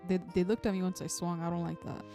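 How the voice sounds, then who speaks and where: A woman's voice: lowish voice, little pitch movement, quick pace, warm tone, soft background music. A woman streamer chatting casually through gameplay, muttering to herself and swearing now and then.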